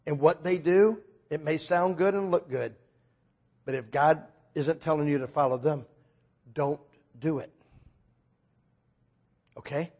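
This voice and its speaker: A man preaching a sermon in a relaxed, conversational way, acting out both sides of his stories. His voice is somewhat husky and sits a bit higher than most men's, and now and then he bursts into a loud, raised delivery. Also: a little slow, long pauses. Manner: conversational, acts out dialogue with sudden loud outbursts.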